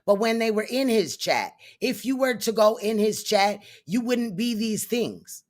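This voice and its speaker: A woman's voice: on the high side, expressive, a little slow. A woman hosting reaction commentary, scornful and mocking. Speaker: commentary host.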